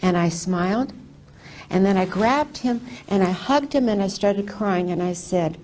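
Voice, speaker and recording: Older woman recounting a testimony slowly, voices her quotes with energy, faint hiss behind. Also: mid-range voice. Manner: animated retelling with lively quoted speech. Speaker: testimony speaker. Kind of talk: personal testimony storytelling.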